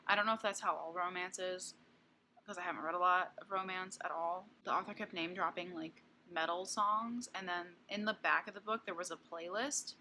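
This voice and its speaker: A young woman in her twenties chats through her monthly book reviews with a lower-pitched but bright, ringing voice. She talks bluntly and candidly, swears freely and fills her sentences with casual fillers. There is a faint hiss behind her. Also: fairly even intonation, moderate pace. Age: 20s.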